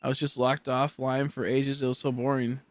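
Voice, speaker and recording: A man's voice: medium pitch, little pitch movement, moderate pace, no echo. A man in his twenties chatting casually on a game live stream, rambling and joking as he answers chat aloud. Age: 20s.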